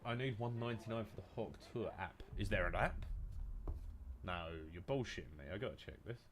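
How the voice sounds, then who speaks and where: This young British streamer, nasal from a blocked nose, chats casually with viewers mid-game, rambling and swearing into his headset. He sounds animated and brisk, his voice on the low side, with background noise.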